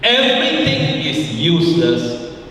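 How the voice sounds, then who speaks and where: A male pastor preaches with emphasis, his pitch swinging lively up and down and his pace slow and deliberate. He says his key lines twice. The sound comes from a distant mic in a long, echoey hall. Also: a little hiss or hum. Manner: emphatic, repeats key phrases. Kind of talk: sermon.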